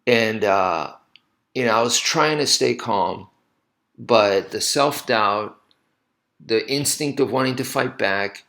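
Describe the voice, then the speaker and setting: A man's voice: medium pitch, slow pace, a bit bright. A man casually telling a story to camera, rambling and correcting himself often with lots of "you know" asides. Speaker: martial arts instructor.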